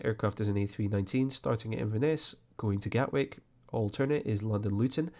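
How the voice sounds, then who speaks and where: A man hosting a screen-recorded flight sim tutorial, explaining step by step in a relaxed way with frequent fillers. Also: fairly low pitch.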